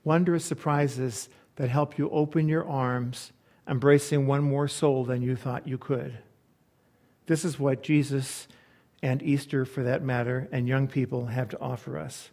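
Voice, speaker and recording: A male pastor delivering a sermon in a mid-pitched voice. He tells a story at an unhurried, earnest pace and lets his voice drop soft and quiet when he reflects. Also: steady tone. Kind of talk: sermon with a read-aloud story.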